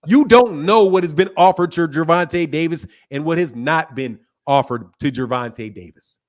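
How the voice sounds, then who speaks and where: A man's voice: fairly high pitch, normal speed. A man hosting a boxing talk show, arguing heatedly, interrupting and swearing. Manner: combative, interrupting, profane. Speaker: boxing channel host. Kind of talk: heated debate.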